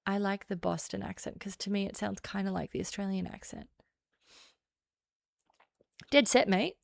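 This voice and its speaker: Playful woman streamer with a gravelly edge. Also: mid-range voice, flat delivery, a little fast, darkish tone, no room sound, studio quality. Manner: chatty, playful, self-mocking. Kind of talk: casual live-stream chat.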